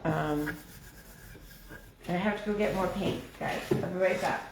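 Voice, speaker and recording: A woman hosting a casual live craft stream, chatty and excitable, thinking out loud as she works. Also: fairly low pitch, measured pace, gravelly, echoey room, very noisy. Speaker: craft livestream host.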